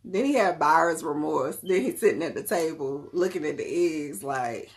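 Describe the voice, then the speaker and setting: A woman's voice: sits low, measured pace. Chatty woman talking to her viewers. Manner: chatty, lively, often laughing; talks straight to the audience. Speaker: wellness vlogger. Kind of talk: casual chat to viewers.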